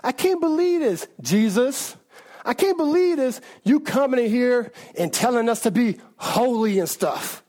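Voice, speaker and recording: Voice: mid-range voice, expressive, unhurried, a little mellow. A preacher putting on the voice of indignant temple leaders, scoffing and complaining over and over in a mocking, exasperated way.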